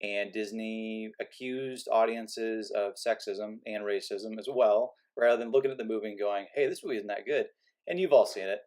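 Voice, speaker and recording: A man with a fairly low voice vents about films in a sarcastic, rambling way. He trips over his words and restarts often as he talks straight to his viewers. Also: moderate pace, a little mellow. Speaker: movie vlogger. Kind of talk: opinionated rant to camera.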